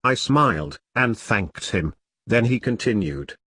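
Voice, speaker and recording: A man reading a first-person online story aloud as scripted narration, with a steady read-aloud delivery. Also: lowish voice, unhurried, husky, no room sound.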